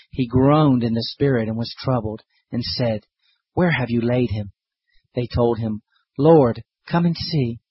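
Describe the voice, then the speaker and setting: A man reads scripture in a steady, measured way, his voice husky and a little breathy. The recording is dry and close, with a slightly dull, muffled top end. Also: medium pitch, no echo. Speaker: scripture reader. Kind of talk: scripted Bible reading.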